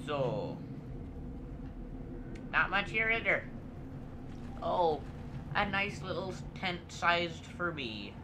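A man's voice: high-pitched, very animated, very slow, pauses often, full character voice. A man voicing a chatty, grumpy male gnome bard who rambles in character with a shifting put-on accent while playing a video game. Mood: rambling. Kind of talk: role-play commentary over a video game. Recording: clear background noise.

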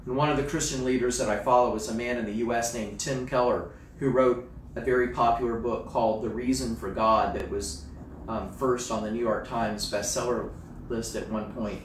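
A male pastor delivering a sermon, swinging between hushed, slow phrases and loud, emphatic exclamations. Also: medium pitch, fairly even intonation, a little hiss or hum. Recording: roomy, distant mic with faint ambience.

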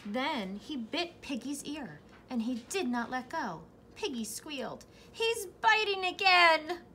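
A young woman who teaches preschool, reading a picture book aloud to young children in a slow, encouraging way. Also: sits high, lively intonation, slight background noise. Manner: slow, sing-song, encouraging.

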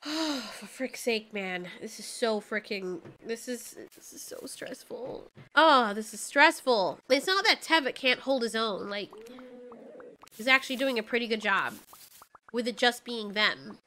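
A woman commentating live as she plays a video game, reacting loudly and swearing at the game in exasperation. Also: on the high side, lively intonation, measured pace, a little hiss or hum. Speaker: gaming channel host.

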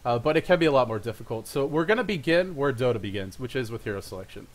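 A young man talks quickly through a casual monologue for his own show. He rambles, pokes fun at himself and fills gaps with "uh" and little laughs, his voice sitting at an ordinary middle pitch. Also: expressive. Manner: rambling, self-deprecating, with frequent fillers and laughs. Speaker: show host.

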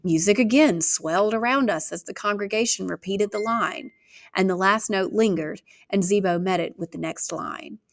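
A woman reading a novel aloud in a steady narrating manner. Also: medium pitch, normal speed. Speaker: reader.

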